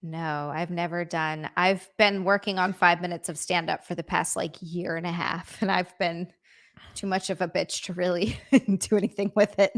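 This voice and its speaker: A woman's voice: fairly low pitch, fairly even intonation, normal speed. Frank, chatty young woman. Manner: frank, chatty, laughs easily. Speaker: podcast guest. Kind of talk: casual chat.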